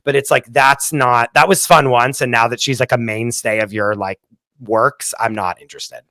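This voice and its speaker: A man's voice: medium pitch, fairly even intonation, moderate pace, bright, forceful tone, no room sound, studio quality. Emphatic, dramatic male podcast guest. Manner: emphatic and dramatic, heavy use of "like". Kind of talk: casual interview chat.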